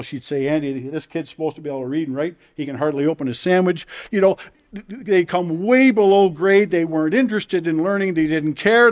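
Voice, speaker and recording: A man preaching a sermon from the pulpit, emphatic, swinging between hushed low passages and loud exclamations. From Canada. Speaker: pastor. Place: church.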